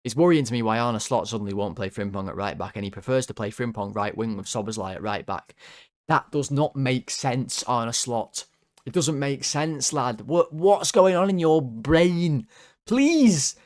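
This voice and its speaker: A young man hosting a football fan channel, ranting through player ratings, swearing, his voice jumping high when worked up. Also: moderate pace. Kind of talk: player ratings rant to camera.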